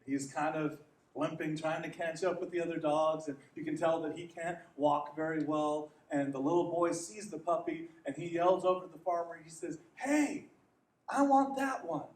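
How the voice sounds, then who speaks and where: A man's voice: a little high, little pitch movement, moderate pace. A man preaching a sermon as pastor, asking earnest rhetorical questions and telling a story. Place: church. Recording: echoey hall, distant mic, faint noise.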